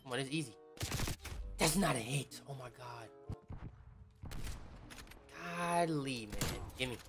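Excitable, profane man commenting on gameplay. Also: medium pitch, moderate pace, music in the background. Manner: excitable, slangy and profane, shouting at the game. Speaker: gaming YouTuber.

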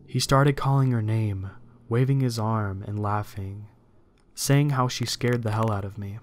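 A man's voice: on the low side, slight background noise. Man narrating a horror story. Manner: steady, measured storytelling reading.

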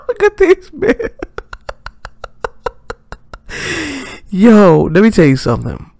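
A man hosting a casual reaction stream, excitable and profane, laughing often between comments. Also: sits high, extremely slow, gravelly, long pauses. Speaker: reaction channel host.

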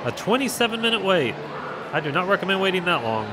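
A man's voice: high voice, sing-song, fast, noisy background. A man vlogging his day outdoors at a theme park, upbeat and enthusiastic as he talks to viewers. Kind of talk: casual vlog narration.

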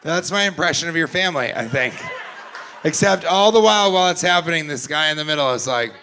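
A bright, gravelly male comic working the room from a club stage, loud and profane as he roasts the crowd and puts on mocking voices. A faint hum of the room sits under his mic. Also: fairly high pitch, expressive, fast talker. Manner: brash, profane, teasing audience members; slips into mocking voices of audience members. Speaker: stand-up comedian. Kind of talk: crowd work stand-up. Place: comedy club stage before a live audience.

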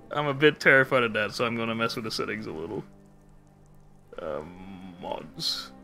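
Guy streaming a game, bright voice, rambly and sweary, faint music behind. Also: fairly low pitch, sing-song, measured pace, creaky. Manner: rambling, swears freely, laughs often. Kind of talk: casual gameplay chat.

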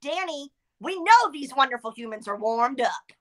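A woman leading a group through voice and face warm-up exercises on a video call, upbeat and coaching. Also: high voice, lively intonation, normal speed. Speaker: warm-up leader.

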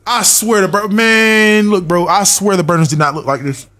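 A man's voice: high voice, fairly even intonation, moderate pace, bright, forceful tone. A young man streaming a horror game live, muttering checklists to himself, swearing and talking back to his chat. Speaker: gaming streamer.

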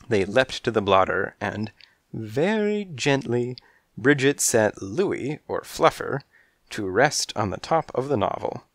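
A man narrating a children's mystery audiobook in the first person, with measured, dry storytelling. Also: medium pitch, sing-song, no echo.

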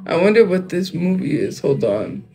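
A man's voice: sits high, big pitch swings, normal speed, creaky, mellow, rough recording. A young man chatting casually on a livestream. He rambles, jumps between topics and fills his talk with fillers.

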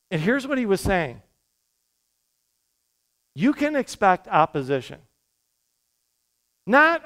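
Male pastor, high clear voice, lively conversational sermon delivery. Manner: energetic, conversational preaching with quick asides. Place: church sanctuary.

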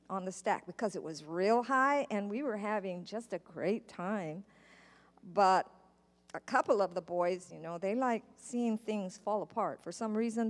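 A woman telling a story to children in church, speaking patiently and asking her listeners questions. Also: fairly high pitch. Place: church sanctuary. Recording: church live stream with long hall reverb.

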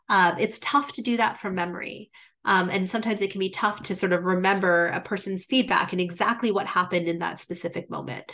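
This woman's voice is medium in pitch, creaky and a bit bright. Leading a webinar on presentation skills, the instructor changes her pace and loudness to stress points and fills pauses with frequent "um"s.

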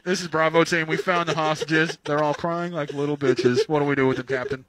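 A man's voice: a little high, steady tone, fairly quick, a bit bright, no room sound, close to an everyday voice. A man voicing a crude male soldier who reports over the radio in a mock-military way.

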